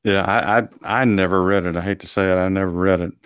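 A man's voice: sits low, fairly even intonation, fast, fairly bright tone, smooth, no echo, clean studio sound. A man hosting a casual talk show, reading an article aloud with many fillers and restarts. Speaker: podcast host.

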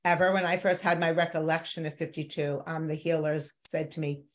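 Female wellness host, lowish voice, warmly encouraging and affirming. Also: fairly even intonation, brisk, hardly any pauses. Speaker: talk show host. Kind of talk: podcast interview, wellness chat.

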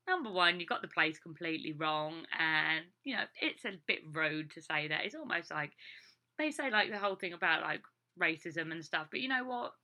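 A woman's voice: on the low side, bright, forceful tone. A young English woman, a teacher living abroad, chatting casually with lots of fillers. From England. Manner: chatty, rambling, many fillers. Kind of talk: casual vlog talk.

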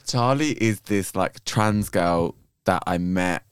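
A low-voiced man chats casually as a podcast co-host, his pitch swinging widely as he giggles through gossipy stories. The sound is dry and close. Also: big pitch swings, extremely slow, clear, resonant tone, no room sound. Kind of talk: casual chat.

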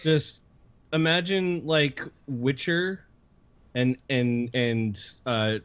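A man's voice: medium pitch, extremely slow, a bit bright, clean tone. Rambling man on a lo-fi gaming podcast. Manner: rambling, many restarts and fillers. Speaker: podcast co-host. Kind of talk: casual gaming chat.

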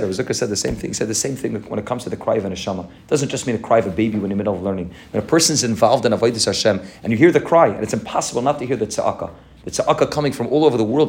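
Man, rabbi, sermon, rapid delivery, fervent, storytelling, Hebrew and Yiddish terms. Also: medium pitch, darkish tone. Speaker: rabbi of a synagogue. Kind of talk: sermon to a congregation.

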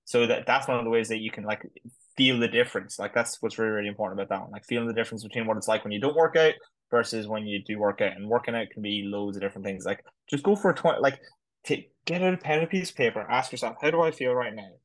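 A man's voice: fairly low pitch, fast talker, a bit bright, low-quality recording. A man co-hosting a podcast, chatting casually and rambling with lots of fillers. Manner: rambling, fillers like "like" and "sort of stuff". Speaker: podcast co-host. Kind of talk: casual chat.

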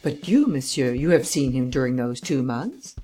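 A woman's voice: very deep voice, big pitch swings, moderate pace, warm tone, faint music behind, exaggerated voice. A woman voicing a stern, impatient male judge who fires off incredulous questions in a raised voice. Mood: exasperated.

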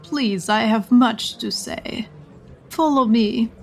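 A woman voicing a polite, quietly menacing male count with a put-on Russian accent. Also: fairly high pitch, slow. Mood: courteous.

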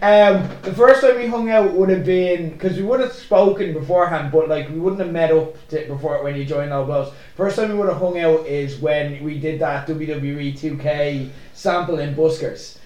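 A man's voice: fairly high pitch, normal speed, hardly any pauses, darkish tone. A young man co-hosting a podcast, telling stories in casual chat, swearing freely and laughing often. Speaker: podcast co-host. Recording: roomy echoey room.

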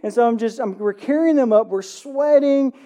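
Man, 30s, pastor, church sermon, mellow tone, chatty storytelling. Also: very high voice, moderate pace. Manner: conversational storytelling, frequent "right?" tags. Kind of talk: Easter sermon. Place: church sanctuary.

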